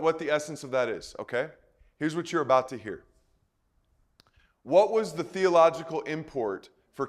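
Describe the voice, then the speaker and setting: A man preaching a sermon to a congregation, teaching in a conversational way and putting questions to his listeners. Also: mid-range voice. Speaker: pastor. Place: church hall.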